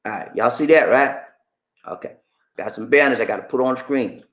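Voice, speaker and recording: A man's voice: mid-range voice, brisk, fairly bright tone. A man from Georgia, bluntly lecturing and chatting with viewers as a livestream host. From Georgia, USA. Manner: blunt, preachy, colloquial. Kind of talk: casual livestream chat. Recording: echoey room.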